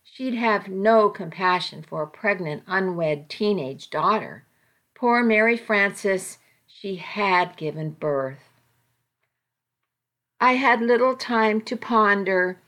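A woman narrating a novel in the first person, with a gentle, deliberate reading. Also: mid-range voice, expressive. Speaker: audiobook narrator.

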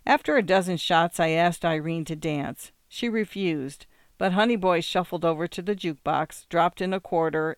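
Wry, smooth-voiced male story reader. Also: on the high side, moderate pace, no room sound, studio quality. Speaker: audiobook reader. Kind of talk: first-person story narration.

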